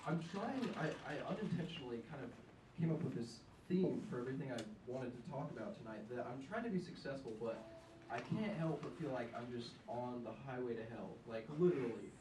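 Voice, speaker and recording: On stage at a diner, a young stand-up comedian rambles and pokes fun at himself, filling gaps with many "ums." He talks briskly with a medium pitch and lively intonation, recorded far from the mic in an echoey space with faint noise.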